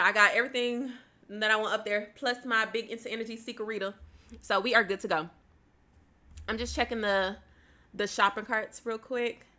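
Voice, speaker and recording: A woman's voice: mid-range voice, bright, forceful tone. A young woman, chatting casually on a home livestream, laughing often and addressing viewers by name.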